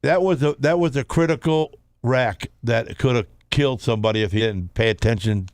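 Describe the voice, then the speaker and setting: A man's voice: medium pitch, fairly quick, no echo, clean studio sound. Rambling man telling a story. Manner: rambling, animated storyteller with repeated restarts. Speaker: radio show co-host. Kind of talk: casual storytelling on radio talk show.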